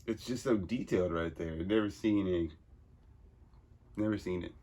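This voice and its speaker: Laid-back husky comic reader. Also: male voice, low voice, measured pace, warm tone. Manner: laid-back, rambling asides. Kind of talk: casual comic book reading commentary.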